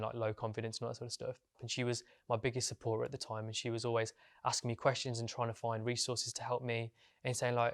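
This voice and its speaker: A young man with a Birmingham accent tells a personal story. His voice sits at a middle pitch and stays flat, with little melody. He sounds reflective and candid, and uses plenty of fillers. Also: creaky. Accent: Birmingham English. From England. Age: young adult. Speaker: interviewee.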